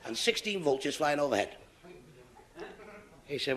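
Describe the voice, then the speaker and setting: A middle-aged man with a Manchester accent doing stand-up, telling jokes in a deadpan storytelling way. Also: medium pitch, moderate pace. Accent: Mancunian. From Manchester, England. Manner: deadpan storyteller, chains "he said" through dialogue. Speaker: stand-up comedian.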